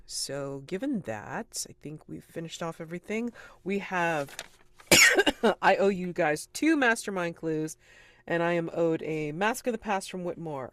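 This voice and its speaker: A game master closing out a tabletop session with loose, excited rambling, full of "like" and "um". The voice sits at an ordinary middle pitch. It is recorded dry and close, with no room sound. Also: dry recording. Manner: rambling, enthusiastic, with many fillers and laughs.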